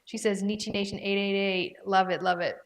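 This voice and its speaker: At home with her dog, this livestream host chats casually with viewers, naming them, reading their comments, and pondering prices aloud. She speaks at normal speed in a mid-range voice with a level tone.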